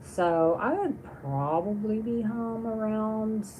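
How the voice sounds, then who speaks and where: A woman's voice: mid-range voice, takes it slowly, phone-quality sound, a little hiss or hum. A woman hosting a casual livestream, reading viewer comments aloud and chatting on in a rambling way with many restarts. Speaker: livestream host.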